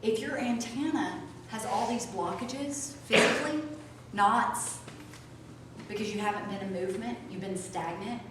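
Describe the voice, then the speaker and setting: A woman teaching a small group, swinging from soft asides to loud outbursts. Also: medium pitch, measured pace. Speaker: spiritual teacher. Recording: echoey room from a distance, faint noise.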